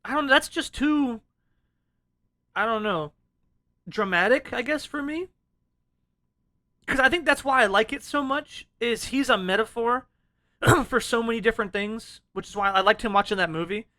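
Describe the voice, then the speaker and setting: A man's voice: very high voice, normal speed, long pauses, pushed and bright. A man chatting casually about a film on a podcast, laid-back and profane, often laughing. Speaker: podcast co-host.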